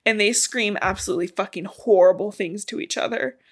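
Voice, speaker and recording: Her voice is medium-pitched, fairly quick and slightly rough. As a podcast co-host, she gives a chatty, casual recap of a novel's storyline, letting the odd curse slip.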